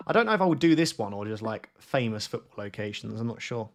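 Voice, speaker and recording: A young man with a lower, expressive voice chats at a quick pace while streaming a map guessing game live. His commentary is loose and rambling, with plenty of fillers and self-mocking remarks as he guesses places.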